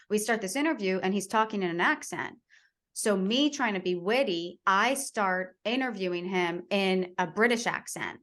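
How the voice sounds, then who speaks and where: A woman's voice: medium pitch, normal speed, fairly bright tone. A woman in her thirties, a sports reporter, telling stories in casual chat with an enthusiastic manner and many fillers. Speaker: baseball reporter, podcast guest.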